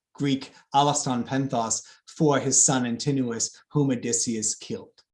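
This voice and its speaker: A man giving a lively public lecture on epic poetry, with fillers and asides to the audience. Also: mid-range voice. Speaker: classics lecturer.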